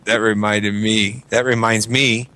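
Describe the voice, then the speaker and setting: A man's voice: lowish voice, flat delivery, unhurried, sharp tone. A man in casual chat, telling a rambling ghost story with many fillers.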